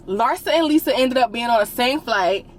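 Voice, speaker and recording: A woman's voice: on the high side, expressive, normal speed, slight background noise. A woman giving a sassy, blunt recap of a reality show episode in casual slang.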